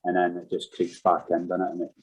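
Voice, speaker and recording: A man's voice: low-pitched, monotone, quick pace, rough recording. A man in his thirties, a podcast guest and former footballer, telling his story candidly and frankly, swearing freely.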